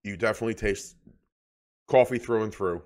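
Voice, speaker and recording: Relaxed man rambling about beer. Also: fairly low pitch, fairly quick. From New Jersey. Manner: relaxed, rambling descriptions with filler words. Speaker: podcast co-host. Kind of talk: casual beer review chat.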